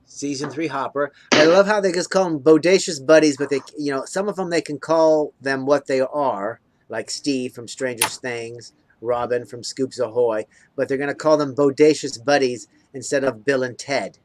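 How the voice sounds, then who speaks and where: A man chatting casually as a host, relaxed and rambling, chuckling now and then. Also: medium pitch, moderate pace, hardly any pauses, slight background noise. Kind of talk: casual chat.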